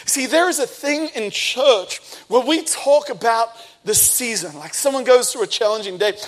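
A man in his thirties, a pastor preaching a sermon and telling a personal story with lively bursts of speed and emphasis. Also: very high voice, moderate pace, hardly any pauses.

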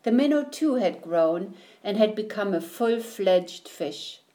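A woman reading a children's picture book aloud in a gentle, deliberate storytelling manner. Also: medium pitch, expressive.

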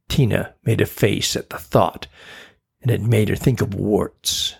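A man reading a children's chapter book aloud in a steady, deliberate way. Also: fairly low pitch, vocal fry, slightly rough. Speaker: narrator.

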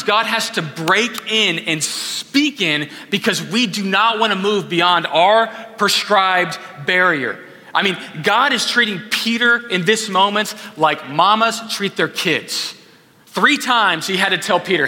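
A man's voice: a little high, expressive, moderate pace, pushed and bright. A pastor delivering a conversational sermon, acting out quotes as he goes. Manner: conversational preaching with acted quotes. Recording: echoey hall.

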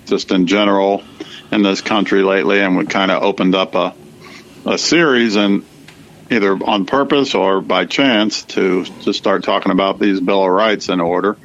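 Gravelly low-voiced man, casual talk. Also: fairly even intonation, a bit bright, highs cut off, slight background noise. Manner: conversational, measured, with fillers. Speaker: podcast co-host.

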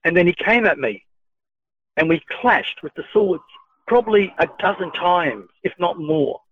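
A man recounting his own experiences as a story, retelling each line of dialogue in a measured way. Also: high voice, lively intonation. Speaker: channeled speaker recounting adventures. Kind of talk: first-person storytelling. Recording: tinny phone-like, dry.

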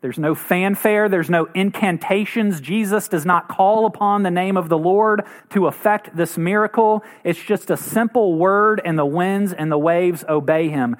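A male pastor delivers a sermon in an earnest manner. Now and then he acts out quoted voices, raising his pitch as he does.

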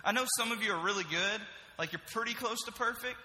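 A young man serving as a middle school pastor, giving an energetic, joking sermon and asking the group questions. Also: high-pitched, fast talker, big-room sound, poor audio. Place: church youth room.

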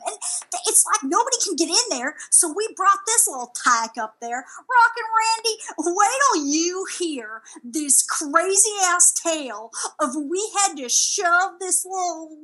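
A woman improvising a comedy scene as a crew translator, rambling and excitable in her storytelling. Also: very high voice, rough recording.

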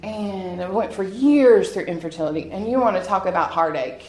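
A woman giving a heartfelt personal testimony at a church gathering, earnest and quick to laugh at herself. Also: mid-range voice, a little mellow. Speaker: guest speaker sharing testimony. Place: church hall with an audience. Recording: roomy hall echo.

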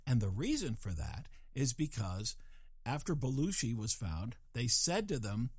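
A man's voice: medium pitch, big pitch swings, measured pace, slightly rough, dry recording, clean studio sound. An older man from Colorado telling a rambling, self-deprecating story and acting out the voices of people in it. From Colorado, USA. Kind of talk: casual spoken anecdote.

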